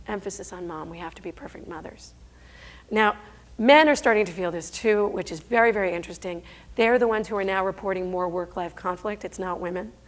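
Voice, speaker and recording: A middle-aged woman giving a conference talk on stage, emphatic and rhetorical, sometimes stumbling and correcting herself. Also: medium pitch. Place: stage before an audience.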